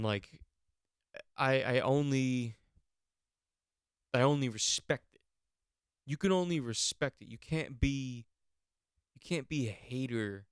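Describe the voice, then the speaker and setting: Young guy rambling on his podcast, smooth clear voice, dry close sound. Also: mid-range voice, no room sound. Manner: rambling, repetitive, swears. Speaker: podcast host. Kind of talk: casual chat.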